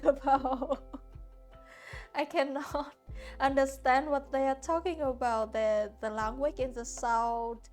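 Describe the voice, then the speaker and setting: Vietnamese-native woman streamer from Hanoi, chatty but halting, slow delivery over quiet background music. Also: a little high. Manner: halting, searching for words, frequent restarts. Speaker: art streamer. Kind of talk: casual chat with viewers while painting. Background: soft lo-fi music.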